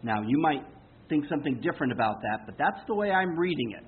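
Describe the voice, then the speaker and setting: A man's voice: on the high side, expressive, fast. A man teaching a sermon-style Bible talk, conversational and emphatic, checking in with his listeners as he reads quotes with dramatic stress. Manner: conversational, checks in with rhetorical "okay?". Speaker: preacher teaching on prophecy. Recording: tinny phone-like lo-fi sound.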